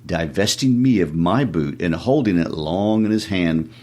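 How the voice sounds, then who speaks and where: Man, podcast co-host, deep voice, relaxed, conversational, reads narration. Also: measured pace. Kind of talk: casual discussion and reading narration aloud.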